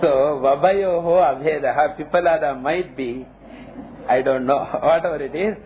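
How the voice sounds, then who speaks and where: A man giving a scriptural lecture, explaining slowly and chanting Sanskrit terms. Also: a little high. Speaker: teacher of scripture. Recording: tinny phone-like lo-fi audio, faint hiss.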